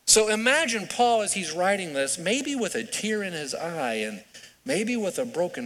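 A man's voice: sits high, big pitch swings, moderate pace, a bit bright. A man preaching a sermon in a conversational way, asking his congregation questions as he goes. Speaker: pastor. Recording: reverberant hall.

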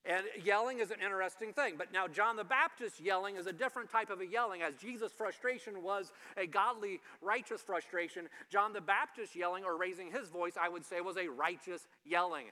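A male pastor delivers a sermon in a bright, fairly high voice. He talks in a loose, conversational way, full of jokes, repeated words and restarts. The long reverb of a church hall trails behind him. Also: a little fast, few pauses.

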